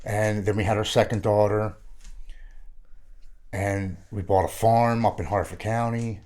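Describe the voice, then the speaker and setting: A man's voice: fairly low pitch, level tone, a little slow, darkish tone. A man, frankly telling his own recovery story as a podcast guest. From Maryland. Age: 40s. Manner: earnest, frank, plain-spoken. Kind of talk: candid personal storytelling.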